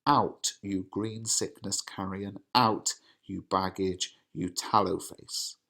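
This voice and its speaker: A man reading the lines of an angry, domineering old father who shouts and scorns. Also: low voice, flat delivery, slow, gravelly, full character voice. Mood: raging.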